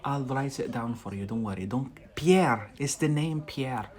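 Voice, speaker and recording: A man's voice: medium pitch, measured pace, darkish tone. A man from Scotland, teaching English idioms on a live stream in a chatty way, often checking in with "yeah?".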